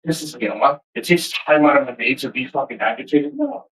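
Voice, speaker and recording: A man ranting to camera in a passionate, energetic, heavily profane way, rambling and restarting as he makes his points. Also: medium pitch, brisk, poor audio. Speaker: vlogger. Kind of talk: casual rant to camera.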